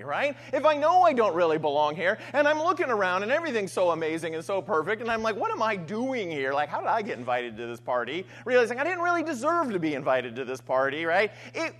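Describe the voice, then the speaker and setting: Lively conversational male preacher. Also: sits high. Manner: conversational, frequent "right?" asides and restarts. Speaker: pastor. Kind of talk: sermon.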